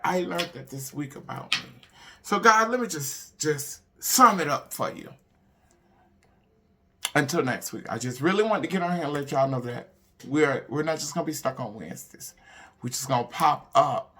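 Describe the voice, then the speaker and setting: A woman, hosting a casual motivational talk for her viewers, animated and emphatic, swinging between loud bursts and hushed asides. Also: low-pitched. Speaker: online show host.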